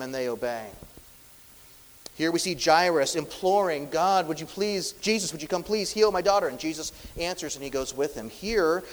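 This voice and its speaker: A man preaching a sermon as pastor, swinging between loud, emphatic lines and hushed, quiet ones. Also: a little high, long reverb tail, low-quality recording.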